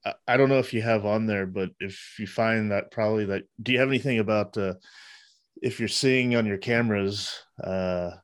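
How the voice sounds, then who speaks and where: A man's voice: lowish voice, fairly even intonation, moderate pace, smooth, no echo, studio quality. A man co-hosting a hunting show, offering hesitant suggestions. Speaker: co-host. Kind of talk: casual podcast chat.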